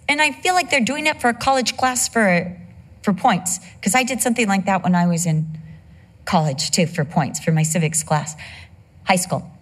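A middle-aged woman with a mid-range, slightly rough voice preaches a sermon, teaching from scripture. Her manner is conversational, and she slips into humorous personal anecdotes along the way.

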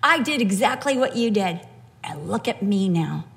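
A woman preaching a sermon, moving between low, earnest emphasis and lively, high-pitched storytelling. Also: normal speed, gravelly, in a large hall. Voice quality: animated, swings from low earnest tones to high excited storytelling. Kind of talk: sermon with humorous personal story.

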